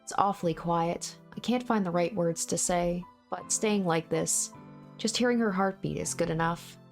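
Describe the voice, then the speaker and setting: A woman narrating a visual novel aloud in a soft, steady, measured voice. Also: fairly low pitch, creaky, faint music behind.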